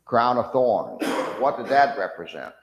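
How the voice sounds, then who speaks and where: A man leads a church Bible class at an ordinary pitch, asking his students questions and acting out the voices in the story. His voice echoes around a reverberant room, the tail hanging in the air. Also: measured pace, lo-fi sound, slight background noise. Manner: animated, acts out mocking soldiers' voices, asks the class questions.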